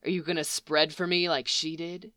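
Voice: mid-range voice, normal speed, pushed and bright, no echo, clean studio sound, natural voice. A narrator voicing a brusque, commanding young man. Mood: hushed. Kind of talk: audiobook reading of fan fiction.

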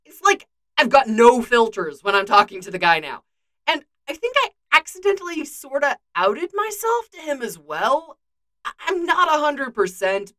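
Woman reading a teasing young male archer; bright, animated, self-mocking. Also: sits high, pitched above the performer's own voice, exaggerated voice.

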